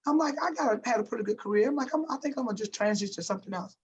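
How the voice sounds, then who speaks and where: A woman in her fifties, a former pro basketball player, telling motivational stories in an interview with an emphatic, animated manner and a habit of repeating herself for emphasis. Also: a little high, rapid-fire, dull audio.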